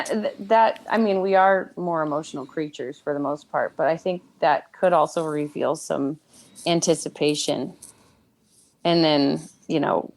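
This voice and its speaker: A woman speaking as a guest in a casual conversation, explaining her points in a thoughtful, measured way. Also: sits low, vocal fry.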